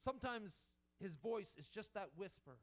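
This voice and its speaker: A man's voice: sits high, expressive, normal speed, fairly bright tone. A man preaching a sermon in an earnest manner, repeating and restarting as he builds his points.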